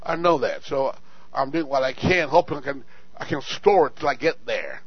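A male pastor preaching to his church, swinging from quiet asides to shouted exhortations and repeating words for emphasis. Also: mid-range voice, normal speed, husky, no room sound, muffled recording. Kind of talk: sermon. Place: church sanctuary.

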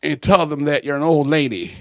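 A male preacher in a church delivering a fiery sermon on microphone, shouting emphatic lines and telling stories with playful asides. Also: fairly high pitch, fairly quick, no echo.

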